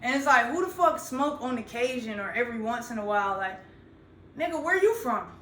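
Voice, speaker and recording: A woman's voice: on the high side, fast talker, a bit bright, slight background noise. Woman, young adult, profane rambling vlog talk, slangy, echoey room. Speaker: content creator. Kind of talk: casual vlog monologue. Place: indoors, standing while talking.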